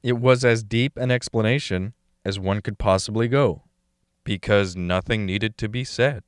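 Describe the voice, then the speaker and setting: An actor playing a calm man in an audio drama who speaks in a quiet, measured and thoughtful way. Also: on the low side, dry recording, clean studio sound, natural voice. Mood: reflective. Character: calm reflective man recalling his sister.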